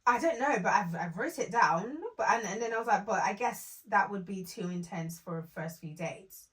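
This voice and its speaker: A woman's voice: medium pitch, moderate pace, distant mic. Chatty woman reviewing reality TV. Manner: animated, quotes people in put-on voices. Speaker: podcast co-host. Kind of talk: casual reality TV review chat.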